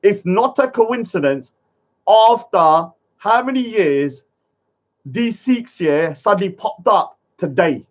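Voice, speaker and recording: An indignant young man rants heatedly to his live-stream viewers, repeating himself and checking in with "yeah?". His voice sits high, and the stream audio is muffled and lo-fi.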